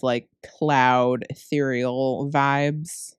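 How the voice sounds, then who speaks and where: A low, clear, resonant voice, unhurried, captured dry and clean in the studio on a close mic. The woman rambles chattily through a voice-over for her cookie decorating tutorial, tired from recording late at night. When she slips, she corrects herself and laughs.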